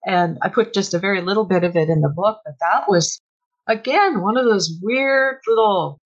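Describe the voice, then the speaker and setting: Woman guest, average pitch, lively anecdote teller, slightly muffled line. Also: normal speed. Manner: animated, breaks into shrieks and laughter when retelling. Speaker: author guest. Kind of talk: conversational storytelling.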